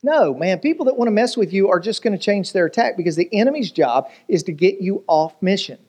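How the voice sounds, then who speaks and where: A male pastor preaches in a lively, storytelling way. He jokes, asks the crowd rhetorical questions, and keeps his voice a little higher than most men's. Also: fairly quick, slightly rough. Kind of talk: sermon.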